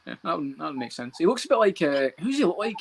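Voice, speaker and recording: A man co-hosting a casual podcast chat about fights, talking fast, swearing and laughing a lot. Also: a little high, big pitch swings, creaky, slight background noise. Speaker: podcast co-host.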